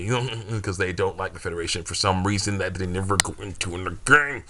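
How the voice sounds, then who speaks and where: A man's voice: fairly low pitch, bright, forceful tone. A man rambling casually through his fan story, with many fillers and frequent little laughs.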